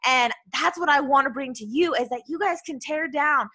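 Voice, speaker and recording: A woman in her thirties from Utah with a Utah accent, hosting a podcast as a self-love coach, talking fast and bubbly with lots of "like" and "right?". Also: sits high, bright, forceful tone. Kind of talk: casual solo podcast monologue.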